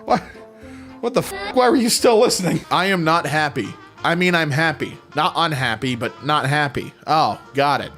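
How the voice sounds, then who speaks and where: A man's voice: fairly high pitch, fairly bright tone. A young man reading funny posts aloud and reacting with jokey, mock-confused commentary.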